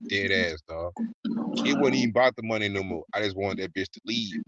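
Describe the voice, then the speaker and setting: A man hosting a podcast, telling stories in casual, heavily profane, animated chat. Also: low voice, brisk, no room sound. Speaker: podcast host. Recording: muffled with clear background noise.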